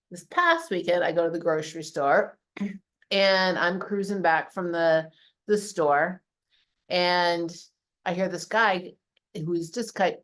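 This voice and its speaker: A middle-aged woman with a Southern US accent, a fitness coach telling a story to her group in casual talk, full of fillers and asides. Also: on the low side. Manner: chatty storyteller with many fillers.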